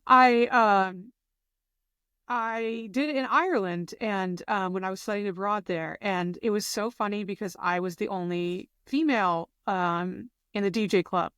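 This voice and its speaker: Young woman co-host, bubbly and expressive, smooth clear voice, dry sound. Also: medium pitch, a little slow, dry recording. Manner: bubbly, expressive, lots of fillers. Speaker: podcast co-host. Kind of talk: casual chat.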